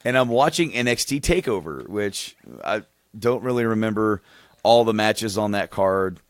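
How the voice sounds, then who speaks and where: A man's voice: lowish voice, moderate pace, smooth, dry recording. Man rambling through a funny story. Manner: rambling storyteller, laughs often, gets excited. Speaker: podcast co-host. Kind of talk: casual chat, telling a story.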